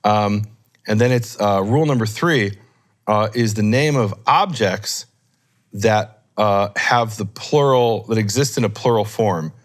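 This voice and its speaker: Low-voiced man explaining grammar. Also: unhurried. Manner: explanatory, thinks aloud, self-correcting. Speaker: Hebrew scholar teaching. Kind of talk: informal teaching discussion.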